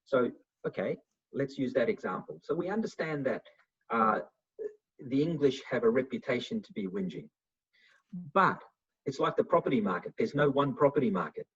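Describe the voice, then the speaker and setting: Husky man on a muffled call. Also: medium pitch, normal speed. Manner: animated, acts out little dialogues. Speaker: webinar speaker. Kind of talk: motivational talk answering questions. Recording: muffled video call audio.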